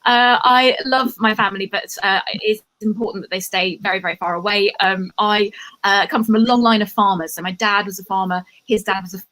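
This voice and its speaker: A woman from Cambridge with a Cambridge English accent doing a self-deprecating stand-up routine with deadpan punchlines. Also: mid-range voice, a little fast. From Cambridge, England. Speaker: stand-up comedian. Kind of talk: stand-up routine over a video stream.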